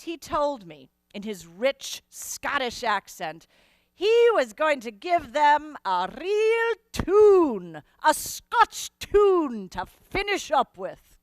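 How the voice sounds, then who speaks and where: Woman, in-character first-person monologue, slow, animated, fairly high, dry sound. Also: dry recording. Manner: slow, deliberate, expressive storytelling. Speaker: performer in character.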